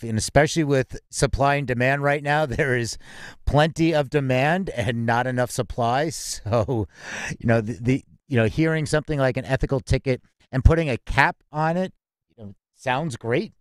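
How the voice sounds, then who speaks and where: A man in the middle of the pitch range hosts a casual music news show. He reads headlines and then drifts into loose, filler-heavy commentary. The sound is dry and close. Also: moderate pace, clear, resonant tone, no echo. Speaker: podcast host. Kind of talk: casual industry news chat.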